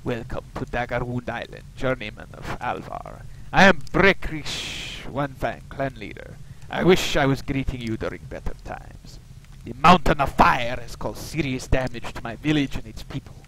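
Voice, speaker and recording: A man's voice: medium pitch, expressive, normal speed, a bit bright, a little hiss or hum, rough recording. A man putting on a solemn clan leader with a mock Russian accent. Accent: put-on Russian. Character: grave male clan leader of a stricken village.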